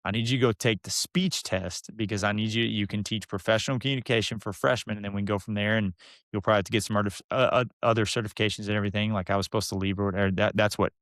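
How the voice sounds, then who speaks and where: A man's voice: fairly low pitch, rapid-fire, dry recording, clean studio sound. A young man telling a long story as a podcast guest, acting out the people in it. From Texas. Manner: animated, mimics the people in his stories. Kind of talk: casual storytelling.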